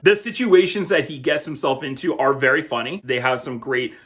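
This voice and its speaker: A man's voice: mid-range voice, a little fast, a bit bright, soft background music. A man hosting a film review show, talking casually and conversationally about a movie. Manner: chatty, conversational, laughs now and then.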